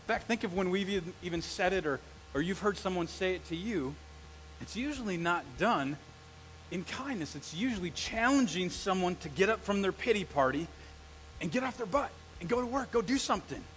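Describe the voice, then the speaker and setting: A middle-aged male pastor preaching a sermon, telling stories and acting out the quotes with lively energy. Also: sits high, brisk, slight background noise, low-quality recording. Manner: animated storytelling with acted-out quotes.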